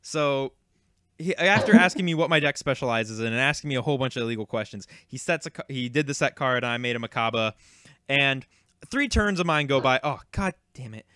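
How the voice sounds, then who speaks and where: A man's voice: mid-range voice, fairly bright tone, clear, resonant tone, dry recording, studio quality. A young man casually telling a long, rambling, exasperated story about a card game tournament, with frequent fillers and swearing. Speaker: YouTube card game creator.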